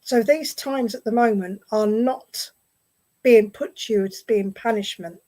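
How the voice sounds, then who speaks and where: A woman with an English accent giving a clairvoyant message at a spiritualist service, gently reassuring and often repeating her phrases. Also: fairly high pitch, unhurried, rough recording. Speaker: medium. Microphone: online video stream.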